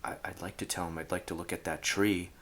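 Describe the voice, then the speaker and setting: A shy, timid young man who stammers and hesitates, as a man puts him on. His voice stays low and close to a plain everyday tone. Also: level tone, fast, creaky, a bit bright, a little hiss or hum.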